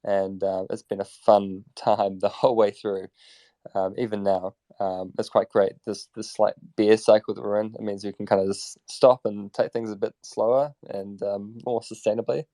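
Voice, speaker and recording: Man, New Zealand accent, mumbly, lots of fillers, low voice, dry sound. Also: level tone, moderate pace, warm tone, no room sound. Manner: mumbly, self-deprecating, filler-heavy. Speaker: guest, operations at an indexer company. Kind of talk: casual online panel talk.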